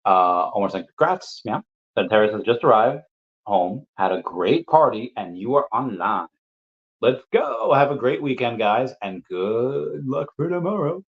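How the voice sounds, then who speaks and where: With a mid-range voice and lively intonation at normal speed, a man hosts a laid-back livestream. Viewer comments get read aloud and answered with playful asides. Audio quality is dull and lo-fi.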